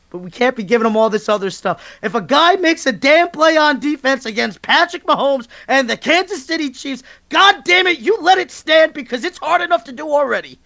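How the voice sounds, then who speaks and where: A man co-hosting a sports podcast, ranting passionately and emphatically, with swearing and bursts of near-shouting. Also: very high voice, vocal fry. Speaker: podcast co-host. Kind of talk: heated sports talk rant.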